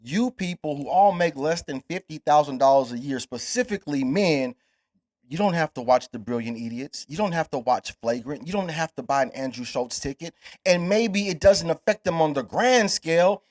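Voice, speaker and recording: Forceful, high-voiced American podcast host. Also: male voice, animated, moderate pace. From United States. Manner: forceful, emphatic, profane, swells louder on key words. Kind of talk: heated podcast debate.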